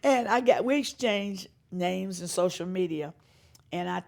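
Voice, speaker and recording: Gravelly woman telling stories. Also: lowish voice, measured pace. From North Carolina. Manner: animated storyteller who acts out the voices of people she quotes, laughing often. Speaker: singer-songwriter guest. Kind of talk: storytelling interview.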